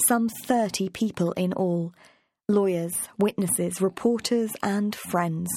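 A female audiobook narrator reads a chapter of scripted narration in a measured, even storytelling voice. Her voice sits mid-range, and the recording is dry and studio quality.

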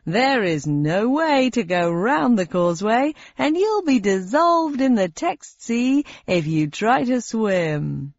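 A woman's voice: a little high, big pitch swings, slow pace, few pauses, darkish tone, no echo, muffled recording, heavily acted. Woman doing a sing-song male game show host. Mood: cheerful. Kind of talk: audiobook character voice.

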